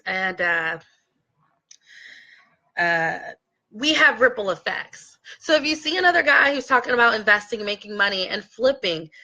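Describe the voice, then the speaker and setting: High bright-voiced woman, earnest real estate coach talking straight to camera, bit lo-fi sound. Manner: earnest, impassioned, tearing up at times. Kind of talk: heartfelt direct-to-camera talk.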